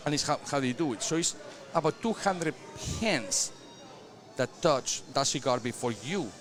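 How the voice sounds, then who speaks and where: Animated Spanish-accented man, lively pitch. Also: moderate pace, music in the background. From Spain. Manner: animated, broken English, joking. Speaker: cigar maker guest. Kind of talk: casual chat. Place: cigar shop event, indoors.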